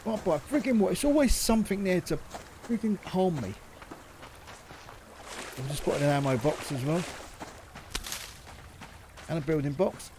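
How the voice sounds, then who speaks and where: A man's voice: high voice, normal speed, long pauses, noisy background. A man chatting and muttering to himself as he plays a survival game, with mild swearing and asides to viewers. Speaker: gaming channel host.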